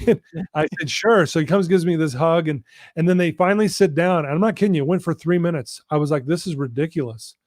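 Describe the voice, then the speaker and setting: Coach guy telling his story, earnest and slow on the big lines, kinda high voice, dry sound. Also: darkish tone, dry recording. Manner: earnest, drawn-out emphasis on key lines. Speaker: guest, personal-development coach. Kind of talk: storytelling in a live interview.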